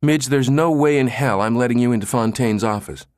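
A man's voice: mid-range voice, expressive, normal speed, no echo, clean studio sound, pitched above the performer's own voice, natural voice. A man voicing a nervous, exasperated male office assistant who pleads in a flustered way.

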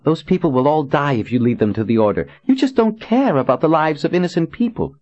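Male narrator as a high, whiny, insistent young woman; dull dry audiobook sound. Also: sing-song, normal speed, a little mellow, breathy edge, dry recording, full character voice. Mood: accusing. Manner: high pleading, taunting.

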